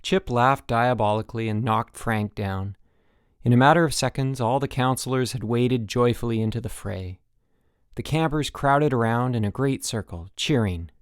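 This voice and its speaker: A man narrating an audiobook in lively storytelling narration. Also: medium pitch, no room sound, clean studio sound. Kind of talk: scripted narration.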